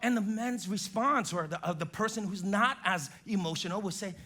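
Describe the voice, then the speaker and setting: A male pastor preaching a sermon in a church, acting out quotes from spouses in an animated way. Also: high-pitched, moderate pace.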